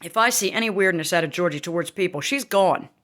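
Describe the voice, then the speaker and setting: A woman ranting angrily and emphatically to her audience, swearing freely and breaking into sudden shouts. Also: lowish voice, lively intonation, quick pace. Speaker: vlogger. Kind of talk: angry rant to camera.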